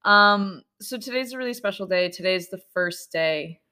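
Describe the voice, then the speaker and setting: A young woman co-hosting a podcast in earnest casual chat with frequent ums, sitting on the floor at home with rough home-made audio. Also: medium pitch, normal speed, bright, forceful tone. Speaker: podcast co-host.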